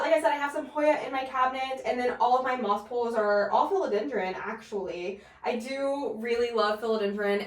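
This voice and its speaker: A woman's voice: a little high, fairly bright tone. Chatty woman vlogging in a roomy space. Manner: chatty, lots of "like" fillers. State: a bit winded. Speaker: plant and knitting vlogger. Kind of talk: casual chat to camera. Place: home room. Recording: roomy echo, mic at a distance.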